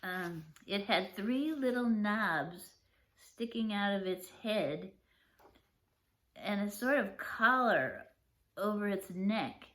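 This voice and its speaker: An older woman, a grandmother, reading a children's chapter book aloud gently and showing its pictures. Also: mid-range voice, lively intonation. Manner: gentle, unhurried, shows pictures. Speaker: storyteller.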